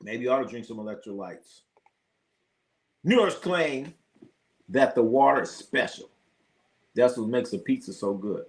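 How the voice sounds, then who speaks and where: A man in the middle of the pitch range hosts a casual sports live stream. He rambles, swears freely and talks back to his chat as the messages come in. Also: animated, unhurried, long pauses. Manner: loose, profane, reacts to chat.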